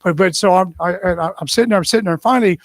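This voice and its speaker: Brief: older ex-officer in his sixties, fairly high voice, lively anecdotal delivery, dry close sound. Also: very fast, no room sound. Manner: animated storyteller who acts out the people in his story. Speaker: retired military officer. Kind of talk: anecdotal storytelling.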